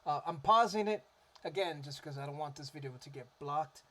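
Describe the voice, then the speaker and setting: A man's voice: a little high, a little fast, pushed and bright, a little hiss or hum. A man chatting casually into a microphone about his favourite cover songs, rambling with lots of fillers and restarts. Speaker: music vlogger. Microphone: desktop microphone.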